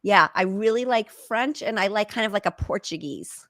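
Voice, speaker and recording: A middle-aged woman hosting a podcast, talking casually with plenty of fillers and pauses. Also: mid-range voice, animated, fairly bright tone, no echo. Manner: chatty, hesitant, lots of "like" and "you know". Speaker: podcast host. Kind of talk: casual chat.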